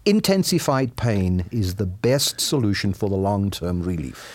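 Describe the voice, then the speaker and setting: A man's voice: very animated, measured pace, a little mellow, dry recording. A man speaking as a psychologist guest in an interview, explaining earnestly with his voice rising and falling widely. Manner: earnest, explanatory, voice swooping high and low. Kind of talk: radio interview.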